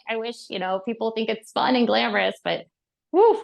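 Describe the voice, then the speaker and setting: A woman dietitian and author as a podcast guest, chatting casually and telling animated stories with frequent laughs and fillers. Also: medium pitch, fast talker, creaky. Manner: animated storyteller, laughs often, many fillers. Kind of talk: casual interview chat.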